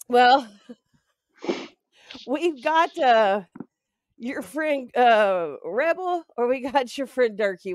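A woman's voice: a little high, no room sound. A woman co-hosting a casual comedy chat show, giggly and laughing often. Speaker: co-host.

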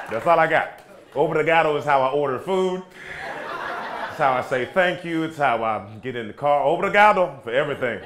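A man from the United States doing a fast, animated stand-up set on stage, jumping into loud silly voices. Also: a little high. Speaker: stand-up comedian. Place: stage in a theater. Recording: live show with crowd laughing. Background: audience laughter and cheers.

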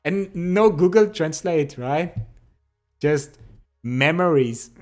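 A man's voice: a little high, expressive, a little mellow. A young man with a French accent, a live streamer chatting casually and reading comments, laughing often and teasing playfully. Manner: laughs often, playful and teasing, speaks English with pauses and restarts. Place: home streaming setup.

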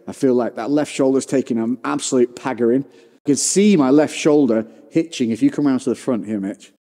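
A man's voice: mid-range voice, warm tone, big-room sound. A man presenting a gym video, chatting as he describes his own pressing. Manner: chatty, self-narrating. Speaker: fitness presenter. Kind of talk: casual gym vlog talk.

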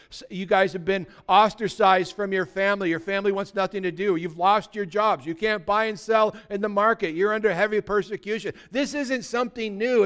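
Pastor guy preaching, high clear voice, chatty, asks the crowd lots of questions. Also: fairly bright tone. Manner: conversational, full of rhetorical questions. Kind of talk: sermon.

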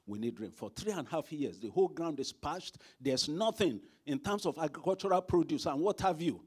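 A man's voice: on the high side, expressive, brisk, husky. A man preaching a sermon at a church service, emphatic and asking the congregation rhetorical questions.

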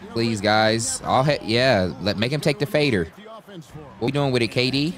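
A young man giving live commentary on his own basketball video game, talking to his teammates and shouting at big plays. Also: on the low side, moderate pace. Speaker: gaming YouTuber.

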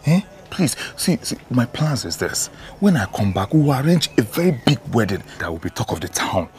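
A man's voice: medium pitch, very animated, a little fast, darkish tone, a little hiss or hum, close to an everyday voice. An actor playing a young Nigerian man who coaxes and pleads with his fiancée as he plans to leave for the city. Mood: pleading. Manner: coaxing, pleading. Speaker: shop owner. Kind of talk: Nollywood film acting.

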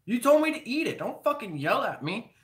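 A man voicing an irritated young boy who talks back and swears, fed up with being yelled at. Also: very high voice, sing-song, fairly quick, voice pushed up, full character voice. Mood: annoyed. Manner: exasperated, swearing, talking back.

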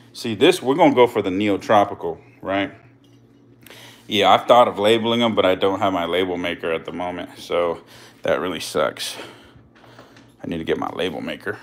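A man's voice: sits low, slight background noise. A man casually chatting to his live-stream viewers and his snakes while feeding them, in slangy, swearing talk. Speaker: reptile keeper streaming live. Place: indoors by snake enclosures.

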